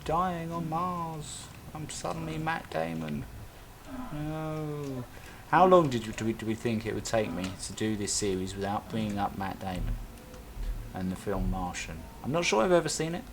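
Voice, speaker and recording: Streaming a game, a man talks casually and thinks out loud while he builds, full of self-talk and small tangents. His voice sits lowish and sounds expressive, moving at a moderate pace over a faint hiss or hum.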